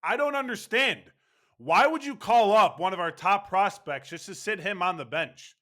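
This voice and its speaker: A man's voice: high voice, animated, moderate pace, sharp tone. A man ranting angrily and sarcastically about his baseball team's loss, swearing as he goes. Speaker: baseball fan commentator. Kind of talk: ranting sports commentary.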